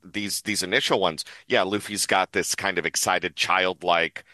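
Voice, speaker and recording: A man's voice: deep voice, steady tone, normal speed, pushed and bright, no room sound. A man appearing as a guest on a podcast, explaining in casual chat and building his points in short phrases.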